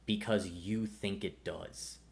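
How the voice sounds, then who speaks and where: A man's voice: sits low, steady tone, takes it slowly, gravelly, darkish tone, slight background noise, voice pushed down, heavily acted. Man playing a stern veteran ranger mentor. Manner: blunt, lecturing, swears. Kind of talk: in-character tabletop role-play.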